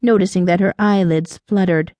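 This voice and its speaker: A woman narrating an audiobook in an even, measured storytelling voice. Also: fairly low pitch, no room sound.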